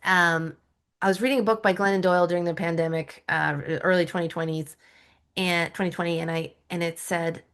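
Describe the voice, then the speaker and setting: A woman's voice: fairly low pitch, steady tone, fairly quick, fairly bright tone. A middle-aged woman, a lifestyle coach and podcast guest, telling her personal story candidly, with frequent laughs and self-deprecating asides.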